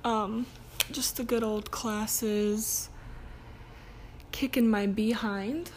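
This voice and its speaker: Slow, chatty young woman podcaster. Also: a little high, fairly even intonation, darkish tone, a little hiss or hum. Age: young adult. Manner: chatty and rambling, with many ums and self-corrections. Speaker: podcast host. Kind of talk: casual solo podcast chat.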